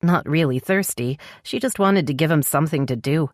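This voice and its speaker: A woman narrating an audiobook romance in a measured storytelling voice. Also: sits low, darkish tone, dry recording, clean studio sound.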